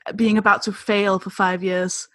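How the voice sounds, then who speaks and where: A woman's voice: medium pitch, little pitch movement, moderate pace, fairly bright tone, no room sound. A woman comedian hosting a podcast, chatting casually and telling self-deprecating stories with frequent laughter. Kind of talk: casual interview chat.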